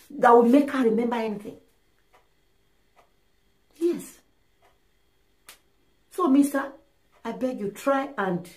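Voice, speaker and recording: A woman with a slightly high voice gives frank relationship advice in a casual, animated monologue. She talks emphatically, acting out little scenes to make her points. The room has a noticeable echo. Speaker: relationship and sex advice speaker. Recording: roomy echo.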